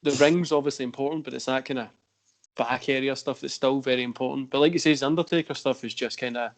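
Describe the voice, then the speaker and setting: A man's voice: medium pitch, steady tone, fast talker. A man with a Scottish accent, hosting a wrestling chat show, laid-back and rambling as he tells stories. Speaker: podcast host. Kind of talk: casual chat.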